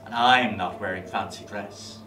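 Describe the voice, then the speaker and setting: An actor playing a dry-humoured male Grim Reaper in a stage monologue, low and wry. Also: moderate pace, background noise, natural voice. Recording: distant echoey stage with music.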